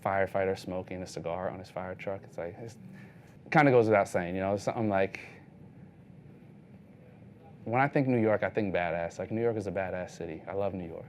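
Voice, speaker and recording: A man's voice: low voice, brisk, long pauses, a little hiss or hum. A man in his thirties, a street photographer, giving a casual talk full of anecdotes, leaning on "like" as he retells his encounters. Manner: loose storytelling, heavy use of "like", acts out other people's lines.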